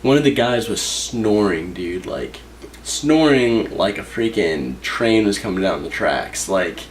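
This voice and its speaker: A young man slowly and hesitantly describing a crowded house, with many fillers. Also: lowish voice, animated, a little hiss or hum. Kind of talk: casual storytelling.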